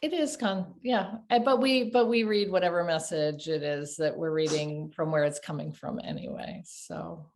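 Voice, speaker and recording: A woman with a slightly low voice co-hosts a relaxed conversation. She speaks in a reflective, measured way and often affirms what the other person says. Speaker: podcast co-host. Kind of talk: casual conversation.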